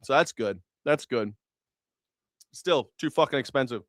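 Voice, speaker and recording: A man's voice: medium pitch, measured pace, no echo, clean studio sound. A man hosting a news reaction show, sarcastic and incredulous and swearing freely. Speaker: host.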